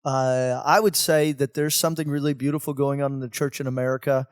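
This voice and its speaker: A man, a priest, chatting casually on a podcast, animated and laughing often, with rambling restarts. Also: mid-range voice, fairly quick, no echo, clean studio sound.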